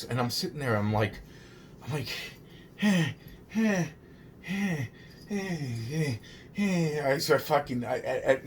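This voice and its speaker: A man's voice: medium pitch, slight background noise. A man casually retelling a true story in the first person. He rambles, restarts sentences, swears constantly and sounds shaken and unable to believe it himself. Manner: rambling and halting, many restarts and repeated words; shaken disbelief at his own story.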